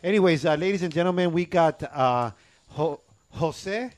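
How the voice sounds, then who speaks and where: A man's voice: a little high, expressive, moderate pace. A man hosting a casual radio show, joking around and tripping over his words.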